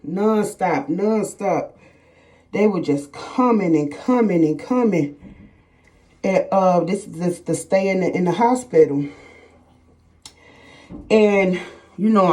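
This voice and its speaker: Her voice is fairly low and darkish as this middle-aged vlogger chats casually through a personal story. She gets emphatic and repeats herself, addressing her audience as "y'all" again and again.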